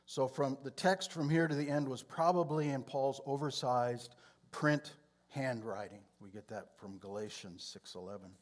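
A man teaching from the Bible in a sermon, speaking in a measured way and often clearing his throat. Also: medium pitch.

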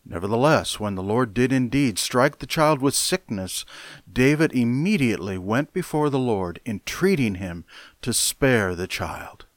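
A male pastor preaching a sermon with deliberate, emphatic phrasing and pointed pauses. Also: medium pitch, animated, no room sound, studio quality.

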